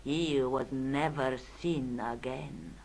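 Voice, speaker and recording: An actress playing an aristocratic older countess, speaking formally in a studio-recorded adventure game. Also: female voice, very deep voice, steady tone, slow pace, vocal fry, darkish tone, full character voice, poor audio. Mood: somber. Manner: formal, stately. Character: aristocratic older Spanish countess, proud but weary. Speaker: game character.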